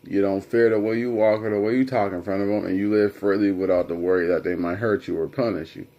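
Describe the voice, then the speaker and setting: A man's voice: on the low side, steady tone, fast, lo-fi sound. A young man vlogging, telling a personal story in a rambling, conversational way. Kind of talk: casual storytelling to camera.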